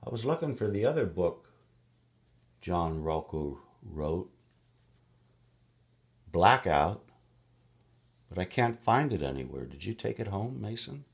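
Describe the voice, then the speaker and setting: A man with a deep, creaky voice reads a picture book to a child in a slow, sing-song, playful way. He throws in gasps and tooting sound effects between the pages.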